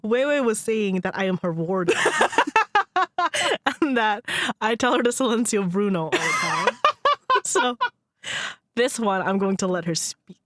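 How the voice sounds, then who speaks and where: A young woman hosting a college radio podcast, teasing her co-host in quick, casual banter. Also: on the high side, huge pitch swings, fairly bright tone, no room sound. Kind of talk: casual chat.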